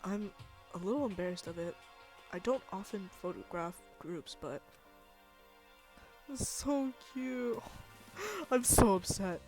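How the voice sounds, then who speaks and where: A streamer reading a visual novel aloud and reacting with emotion, full of exclamations and laughter. The voice sits at a middle pitch. Quiet game music plays underneath. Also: very animated, slow, pauses often.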